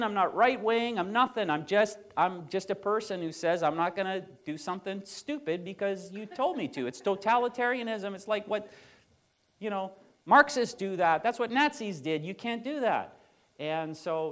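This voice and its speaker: A male pastor preaching a sermon, telling stories and quoting others with animated emphasis. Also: high voice, moderate pace.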